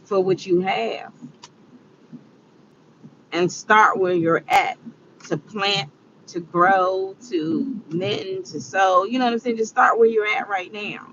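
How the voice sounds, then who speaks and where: A woman's voice: mid-range voice, expressive, takes it slowly, vocal fry, pauses often, a bit bright, lo-fi sound, slight background noise. A woman of forty talking casually to camera, rambling, repeating herself and laughing often. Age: 40s. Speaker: vlogger. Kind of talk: casual reflective talk to camera.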